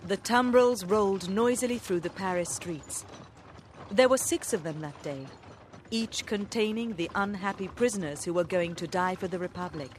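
A woman narrating an audiobook chapter in a measured, even tone. Her pitch sits in the middle range, with a faint hiss underneath. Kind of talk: audiobook reading.

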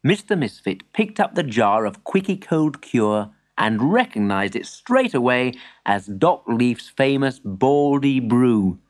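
A woman reading a children's story aloud with lively storytelling. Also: extremely low pitch, takes it slowly, few pauses.

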